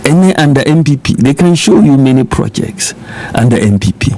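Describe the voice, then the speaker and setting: A man's voice: mid-range voice, expressive, fairly quick, dark tone, slight background noise. A middle-aged man with a Ghanaian accent, speaking as a politician guest in a radio interview, emphatic and repeating his points while mixing in Twi.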